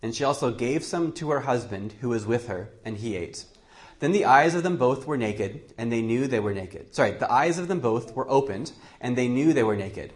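A man's voice: medium pitch, expressive, moderate pace. A male preacher giving a Bible teaching sermon, thinking aloud with frequent restarts. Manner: thoughtful, with frequent restarts and fillers.

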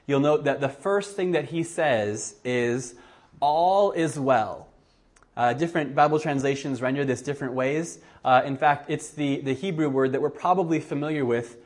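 A man preaching a sermon, reading scripture aloud and acting out the quoted speakers with animated shifts in voice. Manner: animated, acts out quotes with rising pitch. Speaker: pastor.

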